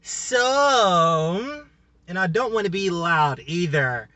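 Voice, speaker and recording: Male vlogger with a Southern US accent, chatty and meandering, talking on his work break; bright, edgy tone. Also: sits high, expressive, slow pace, no echo. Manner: rambling, chatty, restarts and repeats himself. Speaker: YouTube channel host. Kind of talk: casual vlog talk.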